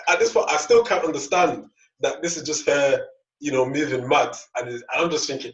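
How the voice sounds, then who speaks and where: A man's voice: medium pitch, brisk, distant mic. A young man tells a rambling story on a casual podcast, stumbling over his words and acting out the dialogue. He sits back from a dull, lo-fi mic in an echoey room. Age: young adult. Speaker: podcast co-host.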